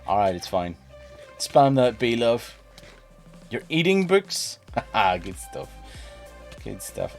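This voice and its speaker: A man's voice: mid-range voice, big pitch swings, takes it slowly, gravelly, pauses often, soft background music. A man casually chatting while streaming a game, playful and talkative, teasing the creatures on screen. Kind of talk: casual gameplay stream chat.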